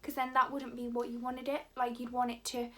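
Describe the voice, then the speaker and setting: Chatty high-voiced woman vlogger. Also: level tone, fairly quick. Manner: rambling, chatty, many "like" fillers. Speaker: beauty vlogger. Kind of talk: casual chat to camera.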